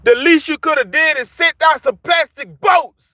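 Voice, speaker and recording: A man's voice: very high voice, normal speed, no room sound. A man ranting to camera in heated, repetitive street talk, taunting and mocking the people he calls out. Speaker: vlogger ranting at rappers. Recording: dull dry lo-fi sound.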